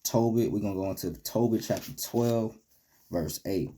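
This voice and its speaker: A man teaching a Bible lesson in casual street slang, reading verses aloud and ending many phrases with "man," shifting from loud rebukes to low, quiet asides. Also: moderate pace, slight background noise. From United States.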